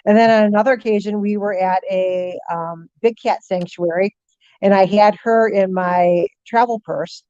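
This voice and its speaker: A middle-aged woman, a guest on an interview show, telling lively stories, voicing animals' thoughts and dropping frequent ums. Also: mid-range voice, moderate pace, clean tone, dry recording, dull audio. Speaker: guest, paranormal author. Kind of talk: casual storytelling interview.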